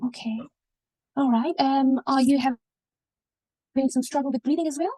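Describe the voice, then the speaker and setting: A woman's voice: high-pitched, unhurried, mellow. A woman acting as a junior doctor in a mock consultation, polite and reassuring, with many fillers. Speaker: student doing a mock consultation. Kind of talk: role-play clinical consultation.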